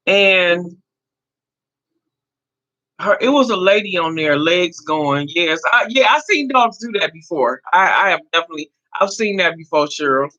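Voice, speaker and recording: A woman in her fifties hosts a casual livestream, chatting freely and answering viewer comments by name. Her voice swings widely in pitch and has a bright, forward edge. The stream audio comes through muffled and lo-fi. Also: lively intonation, a little slow. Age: 50s. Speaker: livestream host. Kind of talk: casual live chat.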